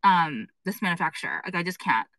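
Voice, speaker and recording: Bright-voiced, exasperated woman ranting on a live stream. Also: fairly low pitch, expressive, brisk, no echo, poor audio. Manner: rambling and exasperated, heavy swearing and fillers. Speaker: fashion brand owner livestreaming to followers. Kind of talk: casual live-stream chat. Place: indoors at an appointment.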